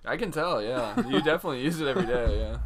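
A man's voice: mid-range voice, lively intonation, fast talker, a loud crowd. A young man teasing his friends with crude jokes and plenty of swearing in casual chat. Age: young adult.

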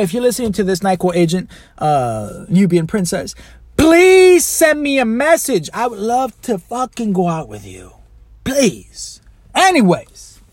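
A man with a high voice tells a rambling, profane story on his podcast, swearing freely as he goes. His pitch swings widely. The sound is dry and close, with little room around it. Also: no room sound. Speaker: podcast host. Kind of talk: casual monologue.

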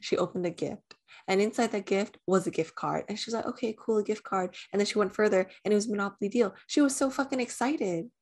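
A young woman co-hosting a podcast, telling a story in casual chat, animated, with lots of "like" and swearing. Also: medium pitch, fast. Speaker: podcast co-host.

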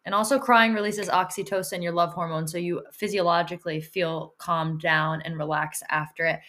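A woman's voice: deep voice, fairly bright tone. A woman co-hosting a podcast, speaking casually, emotionally and from the heart, with some swearing. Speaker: podcast co-host. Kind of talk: casual chat.

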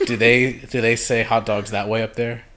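A man's voice: medium pitch, flat delivery, moderate pace, fairly bright tone. A man from Chicago hosting a casual podcast chat, laid-back and laughing often. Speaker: podcast host.

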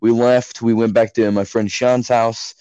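A man's voice: medium pitch, flat delivery, measured pace, mellow, clear, resonant tone, no room sound, muffled recording. A teenage young man hosting a podcast, rambling through a profane story in casual chat. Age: late teens. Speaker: podcast host.

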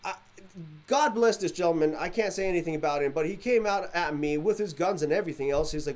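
A man from the Middle East telling a story in casual podcast chat, animated and acting out quoted dialogue. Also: high-pitched, a little fast.

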